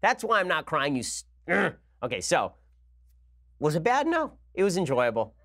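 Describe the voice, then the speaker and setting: A man hosting a podcast, delivering a rapid, sarcastic solo commentary rant into a studio microphone. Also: on the high side, huge pitch swings, a bit bright. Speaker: podcast host.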